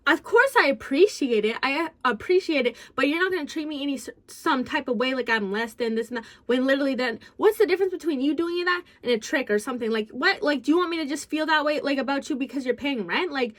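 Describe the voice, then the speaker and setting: A woman telling a story in a casual vlog, rambling with lots of fillers, swearing freely and jumping abruptly in pitch and loudness. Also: fast, few pauses. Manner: sudden jumps in pitch and loudness. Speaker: vlogger.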